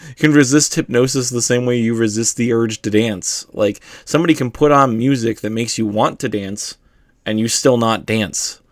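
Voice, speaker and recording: A man's voice: mid-range voice, moderate pace, no room sound, studio quality. A man giving a casual, rambling explanatory monologue as host, full of fillers and the odd swear word.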